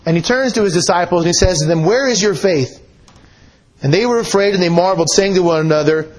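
Husky-voiced man preaching a sermon. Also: high-pitched, quick pace, rough recording. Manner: earnest, emphatic, rhetorical questions. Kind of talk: sermon with scripture reading.

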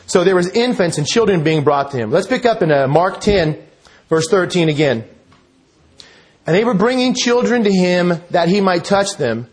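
A man preaching a conversational sermon in a church, reading scripture and quotes with casual asides. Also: high voice. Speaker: pastor.

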